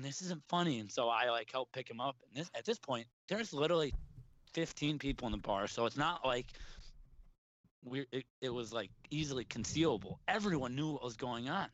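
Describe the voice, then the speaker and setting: A man's voice: mid-range voice, a bit bright. A young man telling a long, rambling story in casual chat, laughing often and restarting his sentences. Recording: dry, dull lo-fi sound.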